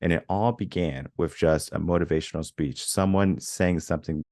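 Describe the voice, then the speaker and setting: A man's voice: low-pitched, steady tone, moderate pace, darkish tone, dry recording, clean studio sound. A man speaking as a guest coach on a podcast, earnest and motivational in tone. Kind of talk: podcast conversation.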